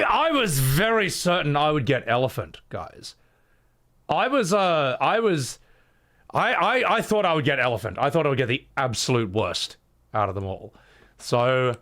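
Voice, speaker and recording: Animated male game streamer. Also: on the high side. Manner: animated, laughing, profane and rambling. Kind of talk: live game reaction commentary.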